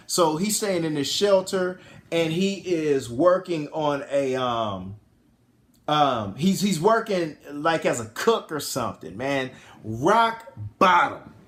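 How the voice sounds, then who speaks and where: Animated man recapping a film. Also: fairly high pitch. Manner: animated storytelling with slang. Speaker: film reviewer. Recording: roomy echo.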